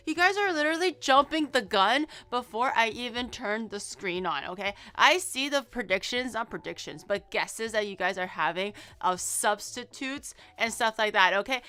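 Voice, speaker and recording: A woman streamer chatting casually to her viewers with quick asides and frequent restarts. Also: on the high side, bright, forceful tone, clear, resonant tone. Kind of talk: casual live-stream chat.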